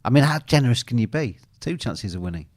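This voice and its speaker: A man's voice: medium pitch, very animated, quick pace, a little mellow, no room sound, studio quality. A man hosting a live football betting show, commenting on a match and teasing his co-host while reading viewer comments aloud.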